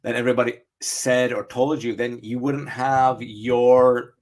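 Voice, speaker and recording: A man's voice: medium pitch, flat delivery, unhurried, a little mellow. Questioning man on a podcast. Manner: questioning, reasoning aloud with "right?" and "you know what I mean?". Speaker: podcast co-host. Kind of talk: casual chat.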